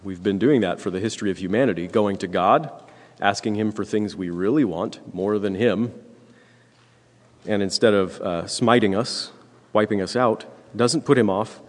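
Man preaching, low voice, earnest and emphatic, frequent throat clearing, long church reverb. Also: normal speed. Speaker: pastor. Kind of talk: sermon.

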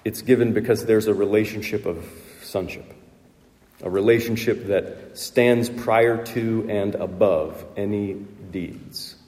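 Male pastor, emphatic sermon delivery, warm tone, reverberant sanctuary. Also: fairly low pitch, slow pace. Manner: earnest, emphatic preaching with rhetorical questions. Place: church sanctuary.

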